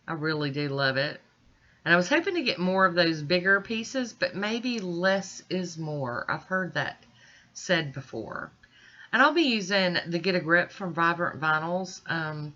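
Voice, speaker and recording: In a muffled recording, a woman speaks in a low, sharp-toned voice, sounding congested and stuffed up. Working through a nail art tutorial at home, she narrates each step casually and keeps reassuring her viewers.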